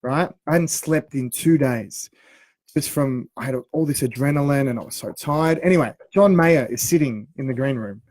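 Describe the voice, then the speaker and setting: A man, a radio co-host in his thirties, telling an anecdote. He talks in a casual, animated way and laughs along at his own story. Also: mid-range voice, moderate pace, no room sound.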